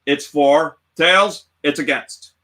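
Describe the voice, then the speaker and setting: A man moderating a casual debate, explaining haltingly with many restarts. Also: on the high side, sharp tone. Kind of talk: casual chat.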